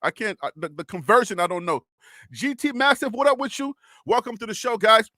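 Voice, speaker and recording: A man hosting a live sports stream, excitable and teasing, calling out chat names in what he calls his radio voice. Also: sits high, fairly quick, no room sound, studio quality. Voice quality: self-described radio voice.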